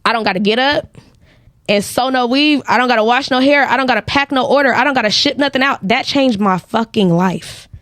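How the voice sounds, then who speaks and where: A woman with a fairly high voice tells a story casually, speaking. She acts out quoted dialogue in lively bursts. The recording is dry and close, with no room sound. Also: brisk, dry recording. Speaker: guest, credit repair business owner. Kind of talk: casual storytelling in a podcast interview.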